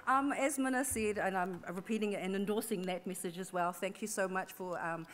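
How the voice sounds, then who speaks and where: A woman giving a shy, halting thank-you speech with a giggle in her voice. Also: medium pitch, slight background noise. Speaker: band singer giving thanks.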